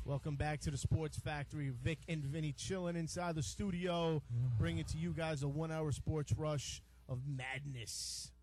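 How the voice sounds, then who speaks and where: Brief: fairly high-voiced male sports radio host, jokey and teasing, trips over words, faint music in the background. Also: fairly even intonation, normal speed, hardly any pauses, a little mellow. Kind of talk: casual bantering sports talk. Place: radio studio.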